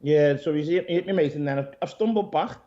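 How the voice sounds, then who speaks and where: A man, an interview guest who owns a gym, retelling events in a rambling, animated way, swearing and calling people "mate". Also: a little high, fairly quick. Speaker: interview guest, gym owner and pro bodybuilder. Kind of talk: casual storytelling interview. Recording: dull lo-fi audio.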